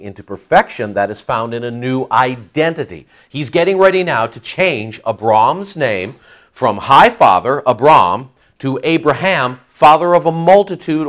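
A man preaching an expository Bible sermon, stressing key words and repeating phrases for emphasis. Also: mid-range voice.

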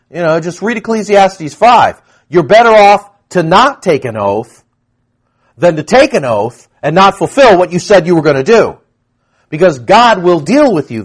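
A man preaching a conversational sermon to a congregation, teaching with frequent asides and questions. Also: fairly high pitch. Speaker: pastor.

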